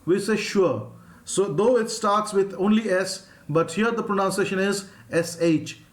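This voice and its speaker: A man with an Indian English accent, teaching a live phonics lesson and drawing out each sound slowly. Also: high-pitched, steady tone. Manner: slow, drawn-out demonstration of sounds, reading out viewers' names.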